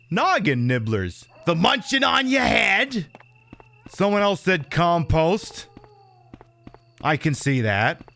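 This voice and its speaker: Chatty, animated man streaming a game. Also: medium pitch, clear, resonant tone. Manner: rambling and chatty, with many fillers and repeats, reacting to chat. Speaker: streamer playing a horror game. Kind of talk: casual livestream commentary.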